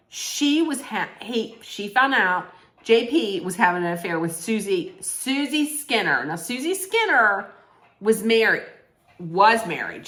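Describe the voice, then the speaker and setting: A woman's voice: mid-range voice, fairly bright tone. A woman recapping a documentary in a casual, blunt, indignant way, swearing freely. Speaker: vlogger reacting to a documentary. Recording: roomy echo.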